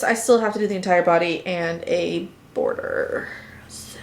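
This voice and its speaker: A woman's voice: medium pitch, steady tone, normal speed, a little hiss or hum. A woman hosting a knitting and spinning podcast, chatting casually and playfully as she shows her projects to viewers. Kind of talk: casual show-and-tell chat.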